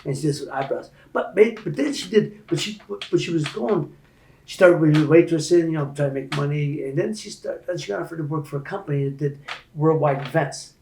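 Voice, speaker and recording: A man in his sixties telling stories as a podcast guest, animated and building up loud and high to make his points. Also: brisk, creaky, echoey room, slight background noise, low-quality recording. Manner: animated storyteller, rising loud and high when making a point. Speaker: interview guest. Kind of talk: storytelling in a podcast interview.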